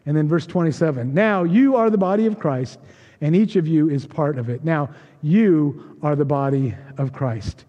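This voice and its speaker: A man's voice: a little high, normal speed, mellow, lo-fi sound. A male pastor preaching a conversational, joking sermon and acting out quoted voices. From United States. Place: church sanctuary. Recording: long reverb of a church hall.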